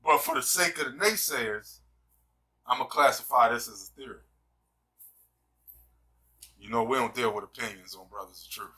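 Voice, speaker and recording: Emphatic man with a very bright voice, distant mic. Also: mid-range voice, normal speed, pauses often. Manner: emphatic, repeats "you see what I'm saying". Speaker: host. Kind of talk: casual discussion, preacher-like.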